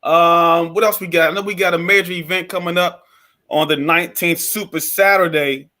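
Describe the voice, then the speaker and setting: A man co-hosting a business livestream, chatting in a relaxed, conversational way. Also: a little high, moderate pace. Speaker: co-host. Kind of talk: casual livestream chat.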